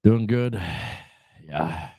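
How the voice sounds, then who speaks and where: A man's voice: on the low side, drawn-out words, creaky, mellow, husky, no room sound. Rambling, laid-back biker guy on a livestream. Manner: rambling and laid-back, swears freely, fillers like "you know". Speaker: podcast host. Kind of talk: casual livestream chat.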